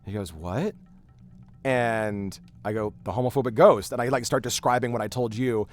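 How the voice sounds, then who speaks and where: Rambling, animated male storyteller. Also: medium pitch, a little fast, faint music behind. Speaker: streamer host. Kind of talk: casual storytelling while streaming a game.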